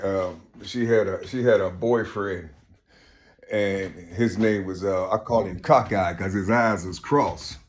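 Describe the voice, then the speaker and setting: Husky middle-aged man rambling profanely. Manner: profane, repetitive, swings from loud boasting to low mumbling. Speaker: vlogger. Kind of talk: rambling outdoor monologue. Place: outdoors among trees.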